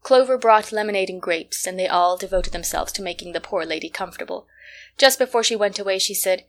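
A woman's voice: mid-range voice, brisk. Woman reading a classic novel aloud. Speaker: reader. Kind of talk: scripted narration of a classic novel.

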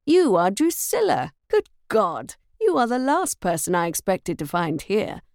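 A woman's voice: medium pitch, wildly swooping pitch, unhurried, vocal fry, a little mellow, no echo, clean studio sound, heavily acted. A woman reading the lines of an aristocratic male Marquis, speaking emphatically and insistently in a storybook reading. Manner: emphatic, exclaiming.

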